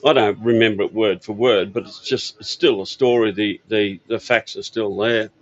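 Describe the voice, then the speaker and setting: An older man from Australia chats about his parts business in a rambling, laid-back interview at an outdoor expo stand, using many fillers. He speaks at a moderate pace in a fairly low voice with fairly even intonation, and the recording sounds muffled.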